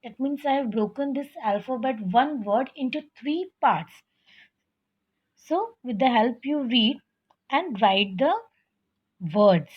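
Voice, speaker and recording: A woman teacher giving a slow, patient grammar lesson to children, often calling them "children" and checking that they understand. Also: sits high, animated, slightly rough. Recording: dull lo-fi recording.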